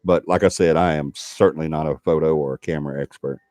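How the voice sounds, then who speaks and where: A man's voice: extremely low pitch, steady tone, fast, darkish tone, no echo. A man hosting a paranormal livestream, chatting casually and reading out viewer comments in a folksy, laughing way. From Alabama.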